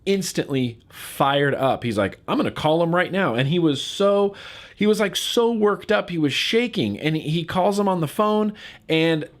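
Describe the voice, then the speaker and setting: A man's voice: a little high, lively intonation, measured pace. Fired-up emphatic male vlogger. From California. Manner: fired up, emphatic, repeats words for stress. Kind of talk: casual vlog rant.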